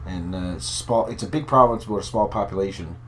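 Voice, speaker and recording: A man with a Newfoundland accent talks quickly in a low register, joking and cursing through a casual podcast chat. There is a faint hiss of noise behind his voice. He tells his stories in a loose, rambling way. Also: a bit bright. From Newfoundland, Canada. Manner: joking, profane, rambling storyteller. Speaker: podcast co-host. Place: at home.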